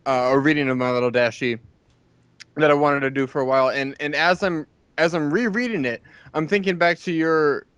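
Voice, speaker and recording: A man on a podcast asking a long question, hesitant and full of pauses. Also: fairly high pitch, fairly bright tone, clear, resonant tone, no room sound. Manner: hesitant, many ums and restarts. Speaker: podcast co-host. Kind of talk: casual chat, asking a question.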